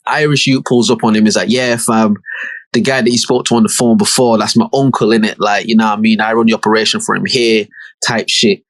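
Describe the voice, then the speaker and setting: A man's voice: lowish voice, fast talker, no room sound. A man, co-hosting a podcast and retelling a TV episode in casual chat, acting out characters' lines with slang. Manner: animated, acts out characters' lines with slang and swearing. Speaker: podcast co-host.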